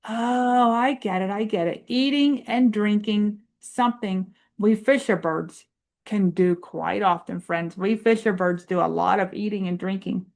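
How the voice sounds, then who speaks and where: A woman's voice: medium pitch, unhurried, creaky, darkish tone. A woman voicing a cheerful, curious fisher bird puppet for a children's lesson, chatty and wondering aloud.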